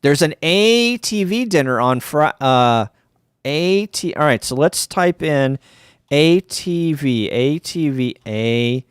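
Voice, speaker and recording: Middle-aged male streamer, tired, slow and rambling with wry asides, smooth tone. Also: on the high side, expressive, no echo, studio quality. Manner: rambling, hesitant, full of ums and restarts, wry asides. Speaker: ham radio livestream host. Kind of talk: casual rambling livestream chat.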